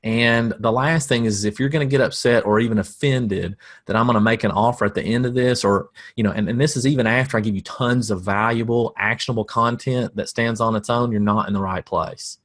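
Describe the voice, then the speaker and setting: A man's voice: on the low side, fairly even intonation, brisk, hardly any pauses, a bit bright, no room sound. A man in his thirties, a business coach talking casually, dry-humored and chuckling at his own jokes. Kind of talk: casual webinar talk.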